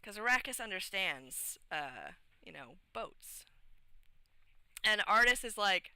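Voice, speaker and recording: A woman streamer casually retelling a tabletop game session, animated and rambling with many fillers. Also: mid-range voice, slow, smooth, no room sound. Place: home streaming setup.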